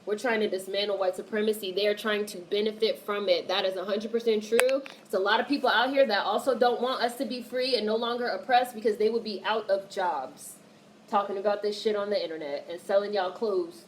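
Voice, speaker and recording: A woman's voice: mid-range voice, fairly even intonation, brisk, a little hiss or hum, low-quality recording. A woman livestreaming casual commentary and reading viewer chat, talking bluntly and animatedly with plenty of profanity.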